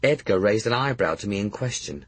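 A man's voice: fairly low pitch, animated, fairly quick, husky, no room sound. A man narrating a first-person audiobook in a wry, dry storytelling manner.

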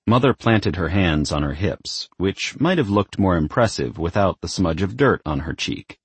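Deep husky man narrating a story. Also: expressive, normal speed, few pauses, dry recording. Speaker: audiobook narrator. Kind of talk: scripted narration.

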